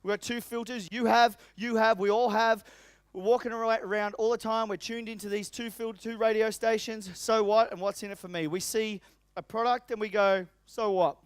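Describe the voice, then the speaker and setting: Emphatic high-voiced male business coach. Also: moderate pace, clear, resonant tone, no echo. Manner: energetic, emphatic, addresses audience directly. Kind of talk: motivational seminar talk. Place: seminar venue.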